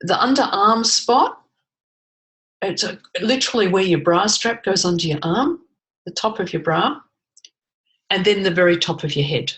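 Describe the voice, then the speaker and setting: A woman coaching a webinar, calmly guiding listeners through tapping points and slowly saying short phrases for them to repeat. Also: mid-range voice, poor audio.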